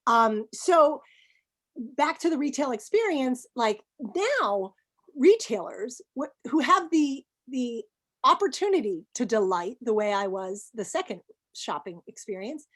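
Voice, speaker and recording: An emphatic, animated middle-aged woman with a voice on the high side, laughing easily as she answers questions as a business guest in a webinar interview.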